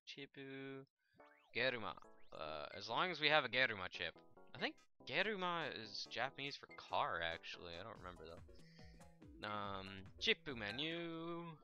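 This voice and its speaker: A man hosting a live let's play, commenting as he plays; he shouts attack names in bursts and mutters asides in between. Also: medium pitch, sing-song, moderate pace, faint music behind.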